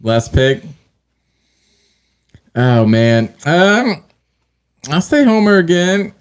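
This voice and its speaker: A man's voice: fairly high pitch, sing-song, extremely slow, smooth. A man co-hosting a sports podcast, talking in a loose, profane, joking way. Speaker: podcast co-host. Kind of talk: casual sports chat.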